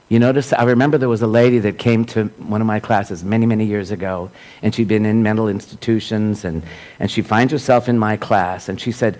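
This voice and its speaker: A man's voice: on the low side, fairly quick, darkish tone, rough recording. A man giving an informal sermon as a spiritual teacher, speaking reflectively and stressing points with repeated phrases.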